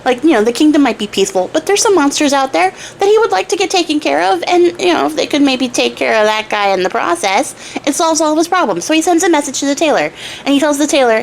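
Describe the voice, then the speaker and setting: Young woman telling a fairy tale, chatty and sweary, kinda high voice, faint noise behind. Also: lively intonation, quick pace, creaky. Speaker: storyteller and crafter. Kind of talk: casual storytelling.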